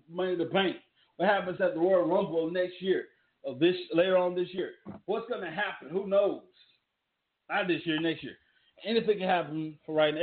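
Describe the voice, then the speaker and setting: A man hosting a casual wrestling talk, emphatic and loose, with repeated rhetorical questions. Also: high voice. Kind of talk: casual commentary with ad reads. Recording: tinny phone-like audio.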